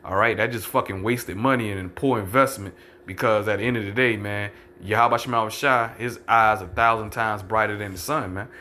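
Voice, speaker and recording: A man preaching fiercely and profanely, ending nearly every phrase with "man" and slowing down to read scripture verses aloud. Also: on the low side, fairly even intonation, pushed and bright, slight background noise. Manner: reads scripture verses slowly and deliberately. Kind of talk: fiery street-style preaching with scripture reading.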